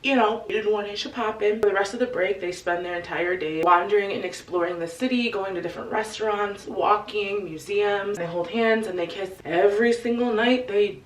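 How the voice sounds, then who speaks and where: A woman casually retelling a book's plot to her viewers in a chatty, animated way, full of "like"s and an occasional curse word. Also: medium pitch, normal speed, hardly any pauses, distant mic. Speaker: book recap video host. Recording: echoey room, voice away from the mic.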